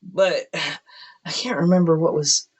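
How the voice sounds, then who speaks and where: A man's voice: steady tone, unhurried, darkish tone, breathy edge, rough recording. A man co-hosting a podcast from a room at home, rambling and joking with frequent laughs in casual chat. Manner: rambling, jokey, laughs often, drops into a deep voice for stories. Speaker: podcast co-host.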